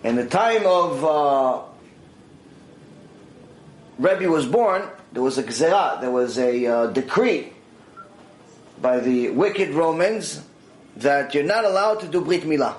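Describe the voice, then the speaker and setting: Male lecturer, higher voice that swings widely, narrates a teaching story with acted-out dialogue; roomy echo. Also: slow pace, pauses often. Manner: animated, acts out dialogue in quoted voices. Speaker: Torah teacher.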